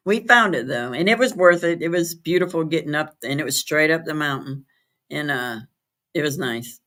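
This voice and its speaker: A woman streaming casually from home has a low, slightly bright voice, talking at a normal speed with long pauses. Through her streaming setup she chats with viewers, answering their comments by name, spelling out words and laughing often.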